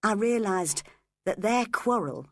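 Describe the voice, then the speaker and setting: A woman reading a classic novel aloud as an audiobook narrator, in a measured, expressive way, close to the microphone. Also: mid-range voice, dry recording. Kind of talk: storybook narration.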